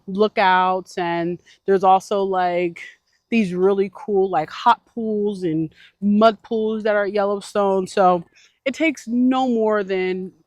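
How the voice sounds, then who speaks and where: A woman's voice: mid-range voice, no room sound. Chatty woman vlogger telling a story. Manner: animated, chatty, many filler likes. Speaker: van life vlogger. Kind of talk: casual storytelling to camera.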